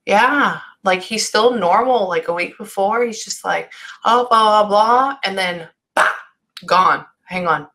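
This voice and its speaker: Woman medium, keeps stopping to listen, slips into soft near whispers, bright tone. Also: mid-range voice. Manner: halting, keeps breaking off to listen. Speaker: psychic medium. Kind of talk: casual reading session. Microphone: recorded session.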